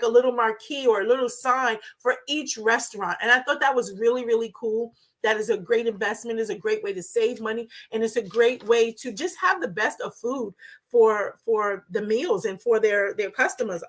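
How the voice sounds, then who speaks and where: An older woman with a New York accent, hosting a live-stream talk in a fast, chatty and enthusiastic way. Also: fairly high pitch, fairly bright tone. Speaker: host.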